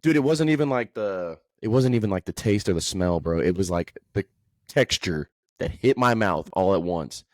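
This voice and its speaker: A man's voice: sits low, expressive, normal speed, a little mellow, no echo. A man telling rambling stories in casual chat among friends, full of "bro" and "dude". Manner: rambling storyteller, peppers talk with "bro" and "dude".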